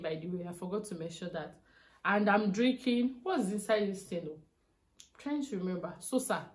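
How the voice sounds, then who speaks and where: A young woman with a Nigerian accent talks straight into her phone camera in a casual, effusive vlog. Her voice has a husky, breathy edge. She sounds chatty and openly grateful. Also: mid-range voice, a little mellow. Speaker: vlogger.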